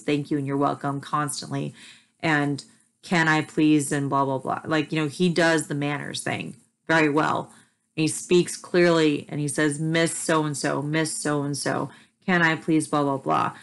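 A young mother talking candidly to camera, soft and hesitant, with frequent ums and restarts. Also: sits low, fairly even intonation, moderate pace. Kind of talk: candid personal talk to camera.

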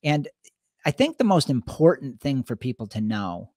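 A man's voice: mid-range voice, moderate pace, no room sound, studio quality. Middle-aged man telling stories on a podcast. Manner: storytelling, animated retelling of conversations. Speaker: podcast co-host. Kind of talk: casual conversational podcast talk.

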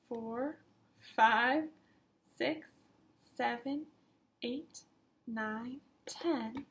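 Slow, sing-song woman teacher reading aloud. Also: on the high side, a bit bright. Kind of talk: read-aloud lesson for young children.

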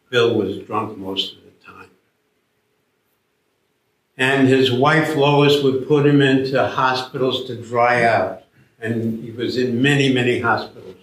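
A man giving a sermon, telling a story and acting out the voices of its characters. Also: medium pitch. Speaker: preacher. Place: church. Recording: echoey church from far off.

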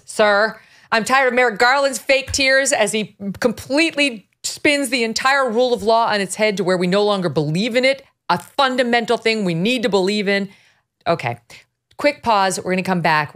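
A woman's voice: lowish voice, a bit bright. A middle-aged woman hosting a political talk podcast, sarcastic and mocking as she talks through the news. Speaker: podcast host.

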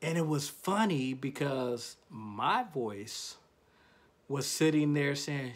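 A man, a self-help author and host, giving a casual motivational talk to camera and telling stories with big swings in pitch and loudness. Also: expressive, slow.

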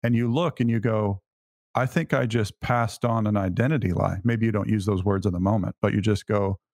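Earnest man, fairly low voice. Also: steady tone, a little fast, darkish tone, no room sound, clean studio sound. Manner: earnest, reflective storytelling. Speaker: podcast co-host. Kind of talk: faith podcast conversation.

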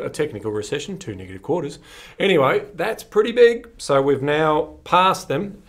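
Aussie male co-host, chatty, upbeat, quick to laugh. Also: fairly high pitch, lively intonation. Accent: Australian. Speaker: podcast co-host. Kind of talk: casual chat.

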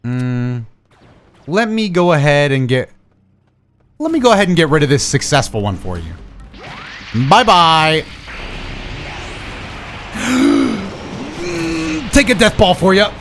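A young man streaming a video game, talking to himself in excitable, profane commentary. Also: high voice, slow, pauses often, soft background music. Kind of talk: casual gameplay commentary.

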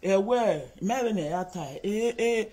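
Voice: medium pitch, lively intonation, unhurried, a little mellow, poor audio. A speaker with a Nigerian accent lecturing online commenters in a scolding, repetitive monologue.

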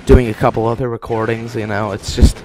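A man giving joking commentary over his own gameplay, mostly deadpan and mock-serious, with sudden excited outbursts. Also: medium pitch, a little fast, heavy background noise. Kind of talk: joking live game commentary. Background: game gunfire and explosions.

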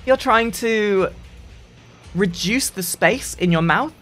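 A gaming streamer giving a casual voice-training tutorial in a lively, sing-song way, often restarting sentences. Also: slow pace, soft background music. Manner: lively, sing-song delivery with frequent restarts, dropping into deep demo voices.

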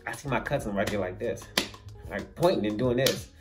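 A man telling a funny story in a storytime vlog, animated and acting out the voices of the people in it. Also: on the low side, brisk, over music.

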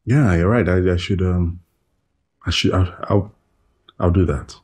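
An actor with a Nigerian accent playing a husband who mistreated his wife, halting, defensive and stammering. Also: sits low, darkish tone, breathy edge.

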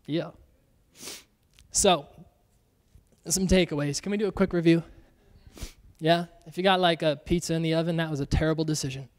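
A man's voice: fairly high pitch, moderate pace, long pauses. A young man preaching a casual, chatty sermon as pastor, filling his talk with "like" and "y'all" and acting out the voices in the story. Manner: chatty and animated, says "like" and "y'all" often, acts out Bible voices.

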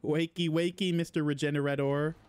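A man's voice: on the high side, level tone, brisk, darkish tone, clean tone, no echo. A male gaming host giving let's-play commentary, panicky and jittery, talking to the enemies on screen as he plays. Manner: jittery, panicky running reactions.

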